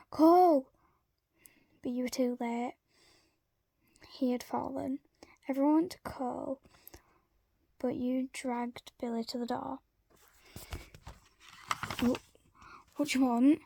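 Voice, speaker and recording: A woman casually narrating a fan story, halting and often slipping into a whisper. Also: high voice, level tone, gravelly, warm tone, dry recording, studio quality.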